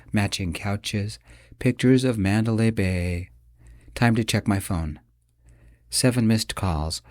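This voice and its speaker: A man reads a first-person audiobook in a low voice. His storytelling is steady and measured. The recording is dry and close, with no room sound. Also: dry recording. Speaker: audiobook narrator. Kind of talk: audiobook narration.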